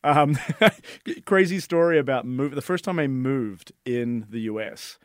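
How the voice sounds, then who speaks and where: A man from New Zealand with a New Zealand accent, co-hosting a casual podcast chat, animated and laughing often. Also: mid-range voice, unhurried, no echo, studio quality. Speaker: podcast co-host. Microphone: headphones on, studio mic.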